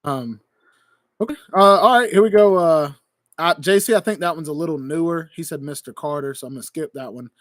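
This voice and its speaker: An excitable man hosts a casual call-in chat, his voice sitting high and sounding dry and close. He laughs often and trips over his words as he goes. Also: a little fast, no echo. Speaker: host.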